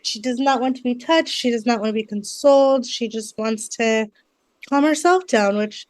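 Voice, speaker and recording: A woman's voice: a little high, normal speed, no room sound, low-quality recording. A young mother hosting a podcast, talking casually and reacting with enthusiasm. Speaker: podcast host.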